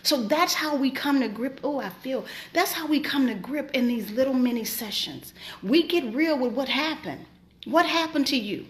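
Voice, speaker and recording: A woman's voice: sits high, normal speed. A woman, host and preacher, giving a casual faith talk in an emphatic, colloquial way. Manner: emphatic, colloquial, animated storytelling.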